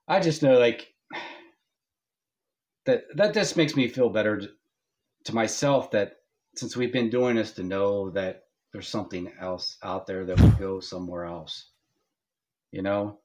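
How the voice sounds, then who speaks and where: Guy with a lowish voice, co-hosting a podcast, rambly and full of restarts. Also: measured pace, long pauses, darkish tone. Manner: rambling, hesitant, lots of restarts. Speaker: podcast co-host. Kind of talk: casual chat.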